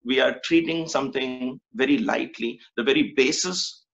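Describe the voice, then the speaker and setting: A man tells a spiritual story in an earnest, reflective manner, repeating words for emphasis as he muses. His voice is mid-range and fairly bright at a normal speed, and the recording is dull and lo-fi.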